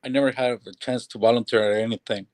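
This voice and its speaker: A man talking earnestly and haltingly on a radio show. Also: medium pitch, steady tone, darkish tone, no echo. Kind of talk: casual talk radio chat. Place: talk radio studio.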